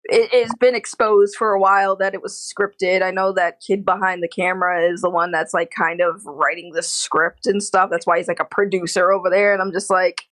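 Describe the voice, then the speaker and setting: A woman's voice: on the low side, little pitch movement, a little fast, hardly any pauses, a bit bright. A woman guest in casual chat, speaking sarcastically and laughing often.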